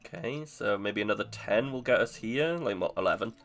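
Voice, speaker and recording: A man's voice: fairly low pitch, lively intonation, fairly quick, fairly bright tone, faint music behind. A man streaming live gameplay, chatting to himself in a self-mocking way and laughing easily. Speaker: video game streamer.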